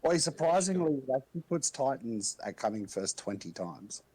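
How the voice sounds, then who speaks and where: A man's voice: medium pitch, sing-song, a little fast, dark tone, slightly rough, rough recording. A man co-hosting a podcast, giving brief matter-of-fact replies in casual chat. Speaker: podcast co-host.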